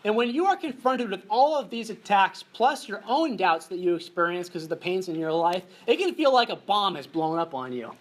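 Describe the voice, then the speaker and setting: Man giving an animated youth seminar. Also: high-pitched, normal speed, hardly any pauses. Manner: conversational, swings between hushed and animated. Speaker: seminar speaker. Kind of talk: youth conference talk. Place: conference hall with an audience.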